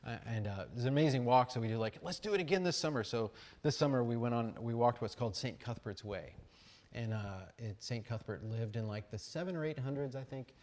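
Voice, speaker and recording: A man's voice: medium pitch, a little fast. Storytelling American man at a live talk. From United States. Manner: storytelling, animated, fillers and restarts. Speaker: speaker at an arts conference. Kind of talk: talk mixing read essay and casual anecdote.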